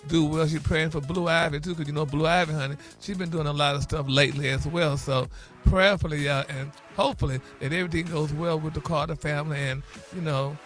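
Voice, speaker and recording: A man's voice: fairly high pitch, fairly even intonation, fairly quick, fairly bright tone, soft background music. A man delivering a celebrity gossip segment on morning radio, flamboyant and theatrical, saying honey and y'all constantly.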